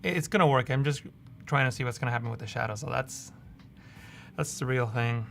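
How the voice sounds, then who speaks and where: A male guest designer in casual chat, often chiming in with quick agreeing remarks. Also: mid-range voice, vocal fry, a bit bright, a little hiss or hum.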